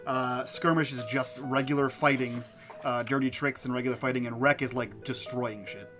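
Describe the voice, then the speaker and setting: A man's voice: medium pitch, steady tone, moderate pace, music in the background. A man playing a tabletop role-playing game, chatting loosely and explaining the rules. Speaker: player. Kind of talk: casual tabletop game chat.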